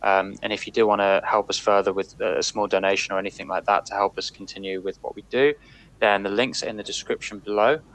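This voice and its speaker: A man's voice: lowish voice, steady tone, quick pace, fairly bright tone, rough recording. A man hosting a live-streamed podcast, speaking casually and hesitantly with many fillers. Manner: hesitant, many ums and restarts. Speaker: podcast host.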